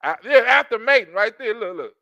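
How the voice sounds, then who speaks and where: A man with a high-pitched, bright voice hosts an online show. He riffs in a crude, rambling, comedic way, tripping over restarts. The recording is dry and close, with no room sound. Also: animated, fairly quick, gravelly, no room sound. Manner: crude, rambling storytelling full of acted-out quotes; stammering restarts. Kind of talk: casual comedic riffing.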